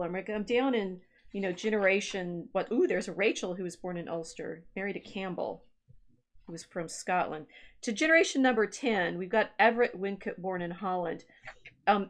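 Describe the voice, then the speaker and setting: A woman historian chatting on a livestream, reading family-tree records aloud with musing asides and restarts. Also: mid-range voice. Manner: reads genealogy records aloud, musing and self-interrupting. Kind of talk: casual livestream chat.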